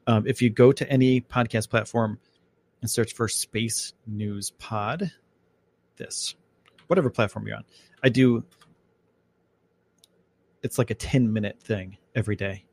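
A man's voice: on the low side, measured pace, pauses often, a little mellow, no room sound. A man hosting a casual live podcast, talking in a loose, rambling, chatty way full of fillers, from home. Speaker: podcast host.

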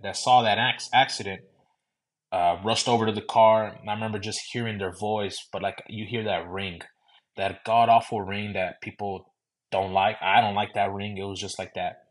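A young man from San Antonio, Texas, casually telling a personal story with loose, repetitive phrasing. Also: fairly low pitch. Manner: loose, conversational, repeating "I remember". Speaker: podcast host.

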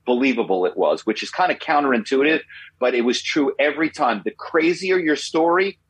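A man in his fifties speaks as an interview guest, with a husky voice at a middle pitch. He talks in an animated way, repeats words and tags his points with quick questions. The sound is dry and close to the mic. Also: no echo, rough recording. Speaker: guest, former corporate spy. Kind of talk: interview storytelling.

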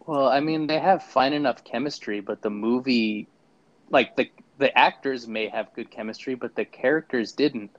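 A man's voice: mid-range voice, normal speed, no echo, lo-fi sound. A man co-hosting a podcast, giving a casual, sarcastic movie review and acting out mocking quotes. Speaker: podcast co-host.

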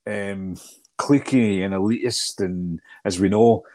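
A man's voice: on the low side, slow pace, warm tone, no echo. A man in casual chat, talking bluntly and with passion, swearing often.

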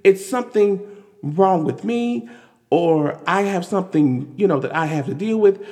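A man giving casual, animated commentary on news, exasperated and full of restarts and fillers. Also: high voice, a little slow. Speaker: commentary vlogger. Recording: long hall reverb.

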